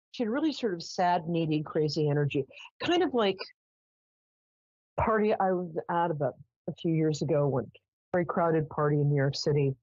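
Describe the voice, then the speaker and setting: A woman's voice: low voice, lively intonation, fairly quick, darkish tone, no echo, lo-fi sound. A woman hosting a live call-in psychic show, chatty as she tells stories and affectionate with callers. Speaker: psychic radio host.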